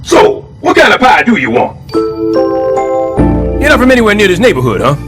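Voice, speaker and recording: An actor voicing a blustering middle-aged building super in an animated sitcom, boastful and sarcastic. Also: male voice, sits high, normal speed, loud music behind the voice.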